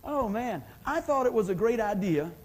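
A man's voice: high-pitched, expressive, normal speed, rough recording. A man preaching a sermon in a folksy, conversational way, often asking the congregation for an amen. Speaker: pastor.

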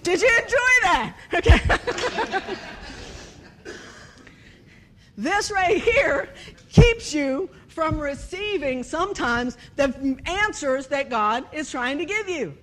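A woman giving a humorous sermon, animated and storytelling, acting out bits of dialogue and laughing often. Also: high-pitched, slow, pauses often. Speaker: speaker at a church service.

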